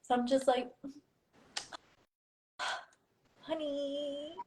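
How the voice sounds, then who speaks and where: A young woman in casual conversation, telling family stories with animated energy. Her voice sits a little high, and she slides between English and Spanish mid-sentence. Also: moderate pace, a little hiss or hum, low-quality recording. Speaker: guest. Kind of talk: casual chat.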